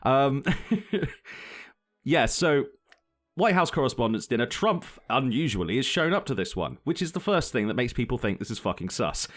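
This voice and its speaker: A man's voice: medium pitch, sing-song, normal speed, a bit bright, faint music behind. A young man co-hosting a podcast, walking through a story in casual chat, rambling and sweary, often laughing. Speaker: podcast co-host.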